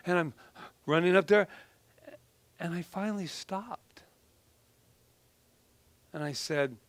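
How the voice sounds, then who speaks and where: A man's voice: sits high, animated, takes it slowly, pauses often, a bit bright, no echo. A middle-aged man preaching a casual, conversational sermon, telling personal stories in a chatty, self-deprecating way with frequent restarts. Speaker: minister.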